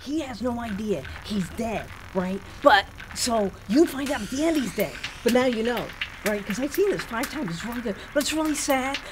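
Sketch role: actress playing a nagging, chatty wife, high and animated, noisy recording. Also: female voice, moderate pace, few pauses, lightly acted. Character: pushy chatty wife bickering in a theater. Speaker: annoying moviegoer wife. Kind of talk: sketch comedy acting. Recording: noisy room sound.

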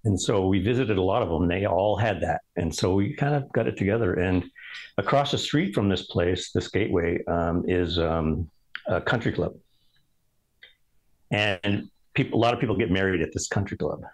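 A male architect guest telling stories in casual conversation, halting, with many ums and restarts. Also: sits low, poor audio. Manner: rambling, halting delivery full of ums and restarts.

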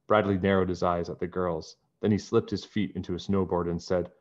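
A man reading a children's book aloud in a calm, even narrating voice. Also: deep voice, fairly quick, hardly any pauses. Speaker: storybook reader. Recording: dull lo-fi recording.

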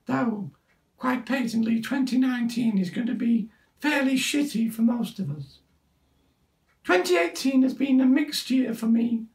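A performer playing a foul-mouthed older queen giving a deadpan mock-regal Christmas address, recorded in an echoey room from a distance. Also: high voice, creaky. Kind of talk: parody televised address.

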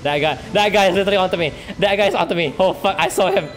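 A streamer giving excitable live gameplay commentary, full of trash talk, laughter, repeated taunts and non-native English grammar. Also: mid-range voice, fast talker, faint music behind. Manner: taunting, repeats short phrases.

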